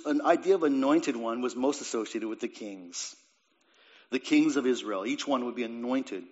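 A man preaching a sermon, rising to emphatic lines and then dropping to quiet ones, often repeating words as he goes. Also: mid-range voice. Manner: swings between raised emphatic lines and quiet, dropped phrases. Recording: dull lo-fi recording.

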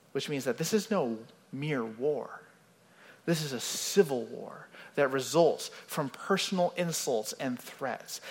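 A man's voice: a little high, long reverb tail. A male pastor giving an expository sermon in a conversational way, often checking in with "right?".

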